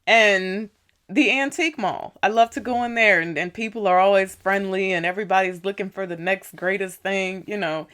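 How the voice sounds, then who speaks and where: This vlogger is a woman speaking at a moderate pace in a fairly bright voice. She tells her story in a relaxed, talkative manner with plenty of "you know" and "right?", and her pitch climbs as she acts out lines when she gets riled.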